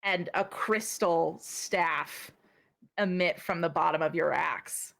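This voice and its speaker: A woman narrating a tabletop game as game master, describing scenes slowly with many fillers. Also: fairly low pitch, vocal fry, fairly bright tone, no echo.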